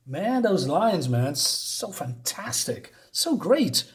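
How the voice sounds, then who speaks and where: A man's voice: fairly high pitch, big pitch swings, slow, few pauses. A man giving a casual, rambling comic book review on his channel, with lots of fillers and restarts.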